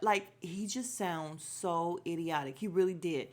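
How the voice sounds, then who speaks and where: A woman's voice: fairly low pitch, measured pace. A woman hosting a podcast, giving a casual, opinionated recap of a reality show with slang and frequent laughs. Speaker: podcast host.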